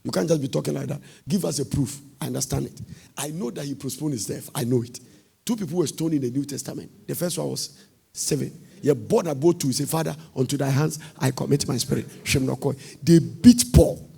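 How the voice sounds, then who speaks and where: A man with a Ghanaian accent preaching a sermon with fervor, shouting and half-singing his lines and swinging his pitch widely. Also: fast, creaky, breathy edge. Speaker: prophet preaching.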